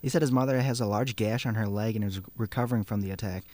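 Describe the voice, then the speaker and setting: A man's voice: lowish voice, quick pace, dark tone. A man hosting a casual news show, reading stories aloud with fillers and restarts.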